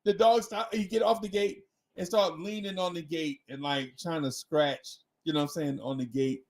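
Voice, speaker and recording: A man co-hosting a casual talk show, telling a story in an animated way, laughing often and repeating his words. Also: a little high, normal speed. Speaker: co-host.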